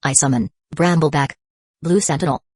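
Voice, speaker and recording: A woman voicing a calm, wry male guild mage in an audiobook. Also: low voice, moderate pace, breathy edge, dry recording, clean studio sound. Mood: summoning.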